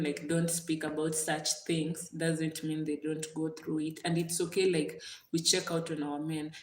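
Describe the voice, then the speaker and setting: A woman's voice: low voice, reverberant. Kenyan woman chatting on a live stream. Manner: warm, repetitive, thanks viewers by name. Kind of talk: casual live-stream chat reading viewer comments.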